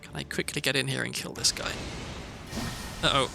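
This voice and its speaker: A fast-talking British streamer with vocal fry and a steady, mid-range tone gives casual commentary on his game. He rambles and interrupts himself while background music plays.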